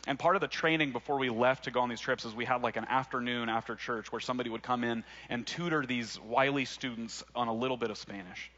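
A man's voice: mid-range voice, fairly even intonation, fast, few pauses, a bit bright, highs cut off. A young man from Arkansas, preaching a sermon in a casual, conversational way with laughing asides. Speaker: pastor.

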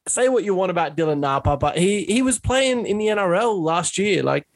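A young Australian man chatting on a sports podcast, fairly high-pitched and fired up, leaping into loud laughing outbursts and swearing freely. The sound is dry and close, with no room around it. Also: a little fast, no room sound. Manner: animated, swearing, laughing banter. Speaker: podcast co-host. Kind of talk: casual chat.

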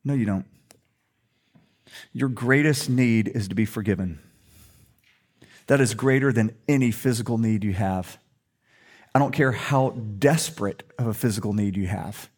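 A preacher voicing Jesus as a calm, firm grown man. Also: lowish voice, unhurried, long pauses, voice pushed down.

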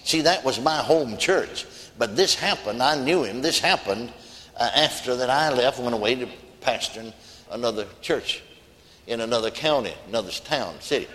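A man's voice: mid-range voice, animated, normal speed, fairly bright tone. A man preaching a sermon, telling a story in a folksy, emphatic way. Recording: long hall reverb.

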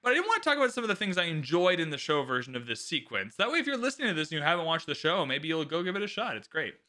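A man hosting a solo podcast in a loose, chatty way, full of likes and the odd swear word. His voice is bright and forward, sitting a little high for a man, and his pitch swings widely as he talks. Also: rapid-fire. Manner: animated, swears freely, lots of likes. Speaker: podcast host. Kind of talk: casual solo podcast talk.

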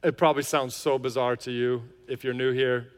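A man's voice: mid-range voice, flat delivery, fairly quick. A man, a lead pastor, talking to his congregation in a chatty, joking way with lots of fillers. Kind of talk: casual sermon intro and worship lead. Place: large church hall. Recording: reverberant church hall.

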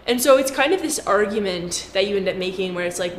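A woman's voice: medium pitch, animated, fast talker. Chatty woman in an echoey room. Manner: chatty and jokey, with playful asides. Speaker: finance commentator. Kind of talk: casual explainer talk to camera. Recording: roomy echo with faint background noise.

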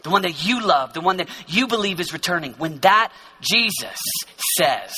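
A man who is a pastor, preaching an emphatic, repetitive sermon that swings from loud to hushed. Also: high-pitched, big pitch swings, moderate pace, slight background noise.

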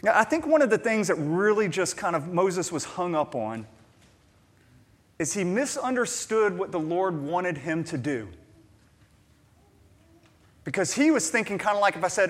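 A man preaching a sermon, animated, acting out the voices of the figures he reads about and shifting between quiet and loud. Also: sits high, moderate pace. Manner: animated, acts out biblical voices with shifting loudness. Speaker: pastor.

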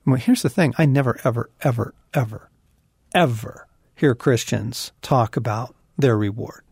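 Gravelly earnest middle-aged man. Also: mid-range voice, normal speed, no room sound, studio quality. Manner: earnest, swings from quiet to emphatic. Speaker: podcast co-host. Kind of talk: conversational Christian podcast.

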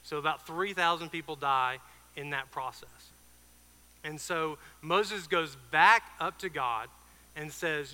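A man preaching an informal sermon, retelling a Bible story in a conversational way with fillers and quick asides. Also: fairly high pitch, pushed and bright, clear, resonant tone, big-room sound.

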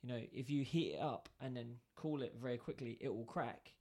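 Animated man telling a story. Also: medium pitch, brisk. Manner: animated, acts out both sides of dialogue. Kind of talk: casual storytelling.

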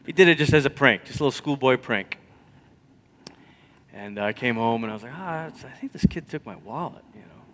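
A man preaching a sermon, telling stories conversationally and swinging from loud emphasis to near whispers. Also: medium pitch, lively intonation, fairly quick. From Malaysia. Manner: storytelling, conversational. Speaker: pastor.

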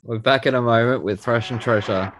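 A man's voice: medium pitch, a little fast, a bit bright, slight background noise. An Australian man hosting a podcast, chatting easily with a guest. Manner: easygoing, joking. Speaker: podcast host. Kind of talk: casual chat.

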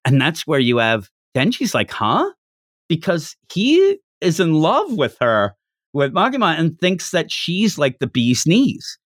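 Animated man with lively pitch. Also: dry recording, clean studio sound. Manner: animated, acts out character lines in quick voices. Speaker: podcast co-host. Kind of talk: casual manga discussion.

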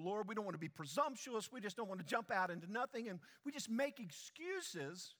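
A man's voice: high-pitched, a bit bright, big-room sound. A man preaching a sermon in a church, speaking emphatically and putting questions straight to the congregation. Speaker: pastor. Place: church sanctuary.

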